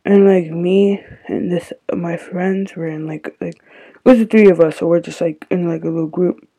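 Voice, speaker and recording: A woman hosts a casual confessional podcast, rambling with heavy use of "like" and other fillers and sometimes dropping to a near-whisper. Her lowish, fairly even voice is warm and slightly rough, moving at a moderate pace on a rough recording with no echo.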